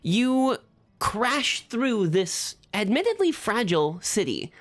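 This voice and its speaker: A woman narrating a tabletop game as game master, describing scenes in a lively, playful way. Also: fairly high pitch, slow.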